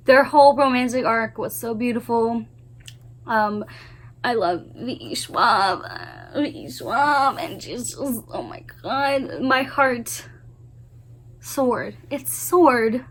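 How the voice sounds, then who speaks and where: A woman's voice: fairly high pitch, fairly bright tone. A woman book vlogger giving a gushing, emphatic spoiler review of a novel series, swearing often and repeating her exclamations.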